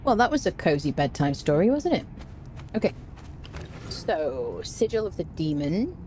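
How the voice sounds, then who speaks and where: A woman's voice: fairly low pitch, sing-song, normal speed, darkish tone, a little hiss or hum. A woman giving casual, wry commentary while playing a game and chatting to her cat. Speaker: gaming streamer.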